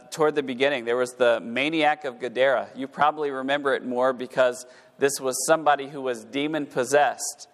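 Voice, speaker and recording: Preaching a sermon in a church sanctuary, this male pastor has an ordinary middle-pitched voice. He reads old scripture wording aloud and breaks it down, stumbling over repeated words as his fervor builds toward emphasis, while the hall carries a long, echoing reverb.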